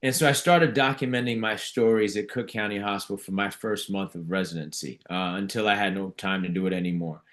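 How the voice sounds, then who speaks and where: Reflective, somewhat low-voiced man. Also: fairly even intonation, fairly quick, hardly any pauses, a bit bright. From United States. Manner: reflective, with frequent restarts. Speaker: guest author and physician. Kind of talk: conversational storytelling in an interview.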